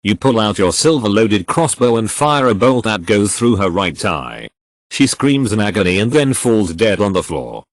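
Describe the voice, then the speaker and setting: A man with a low voice reads out absurd text-game stories in a deadpan comic style, his pitch swinging widely as he goes. He breaks off now and then with exasperated asides. The recording is dry and close. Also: moderate pace, dry recording. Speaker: narrator reading funny AI game stories. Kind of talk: comedic story reading.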